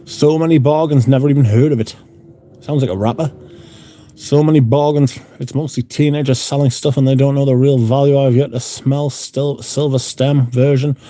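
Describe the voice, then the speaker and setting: A man's voice: mid-range voice, fairly even intonation, normal speed, dark tone, no room sound. A man hosting a livestream, chatting casually, reading out viewer comments, and swearing bluntly. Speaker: livestream host. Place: room at home.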